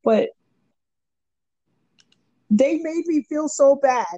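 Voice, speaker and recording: A woman's voice: high-pitched, very slow, warm tone, no room sound. A woman guest in a casual chat, telling rambling stories and laughing often.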